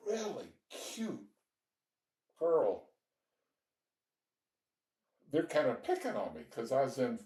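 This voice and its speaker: Older guy telling old stories, animated voice, kinda roomy and off-mic. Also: medium pitch, slow pace, vocal fry, pauses often, recorded from a distance. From Georgia, United States. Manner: rambling, lively anecdotes with small laughs. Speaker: interviewee telling his life story. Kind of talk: relaxed storytelling. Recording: echoey room, voice off-mic.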